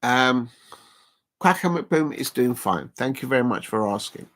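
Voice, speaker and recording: A man's voice: medium pitch, lively intonation, unhurried, fairly bright tone. A man hosting a casual live stream watch-along, rambling and chuckling as he chats to viewers.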